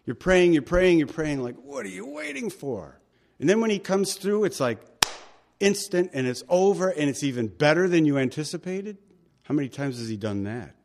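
A pastor preaches a sermon, engaging the congregation with questions and acting out quoted lines with big swings in pitch and volume. His intonation is lively and his speed normal.

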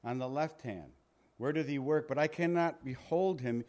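A man's voice: medium pitch, normal speed, a little mellow. A male pastor teaching a Bible passage in a conversational sermon, reading scripture aloud and paraphrasing it.

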